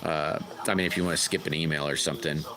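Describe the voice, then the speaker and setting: A man's voice: extremely low pitch, steady tone, fast talker, a crowd in the background. A man casually chatting with viewers on his livestream, rambling and greeting people by name. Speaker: livestream host.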